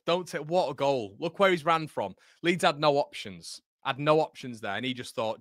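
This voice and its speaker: A man hosting a live football watchalong, commentating excitably and bantering with his chat. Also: fairly high pitch, normal speed, hardly any pauses, no echo, studio quality.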